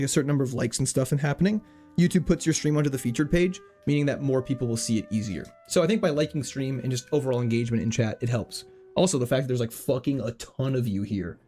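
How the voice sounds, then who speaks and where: Animated, jokey man streaming a game. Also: mid-range voice. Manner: jokey, animated, reads chat aloud. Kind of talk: casual livestream commentary.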